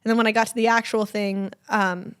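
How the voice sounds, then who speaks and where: A woman's voice: medium pitch, a little fast, clear, resonant tone. A young woman from Georgia co-hosting a casual family podcast, telling stories with frequent laughs. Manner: chatty storyteller, laughs often, quotes people in lively voices. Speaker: podcast co-host.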